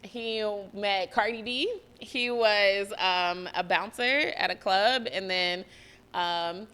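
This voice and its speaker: Candid, bright-voiced woman podcaster. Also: mid-range voice, slow pace, clear, resonant tone. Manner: candid, swears freely, laughs and nearly cries. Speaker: podcast host. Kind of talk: emotional solo podcast storytelling.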